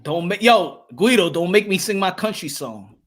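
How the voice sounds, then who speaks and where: Man, boxing podcast host, high voice, sharp bright tone, joking, repetitive. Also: expressive, normal speed. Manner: playful, joking, repeats himself. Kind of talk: live-stream casual chat.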